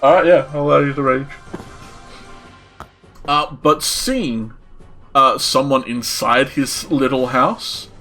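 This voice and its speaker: A man running a tabletop game as dungeon master, laughing often and pausing on fillers as he narrates. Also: mid-range voice, steady tone, pushed and bright, soft background music.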